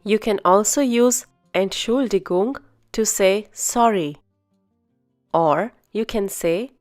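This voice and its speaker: A woman teaching a beginner language lesson, speaking slowly and carefully and repeating each phrase. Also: mid-range voice, darkish tone, faint music behind. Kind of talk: scripted language lesson narration.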